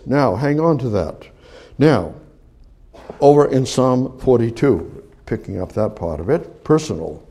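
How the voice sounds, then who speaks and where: A man preaching a sermon, swinging from slow, loud emphasis to quiet asides. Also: medium pitch, lively intonation, breathy edge.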